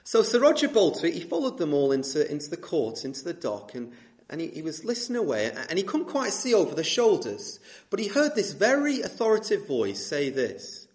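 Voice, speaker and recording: A male preacher delivering a sermon through storytelling. His voice is somewhat high and swings widely in pitch as he tells the tale with animation. He makes an earnest appeal to his listeners. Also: very animated, moderate pace.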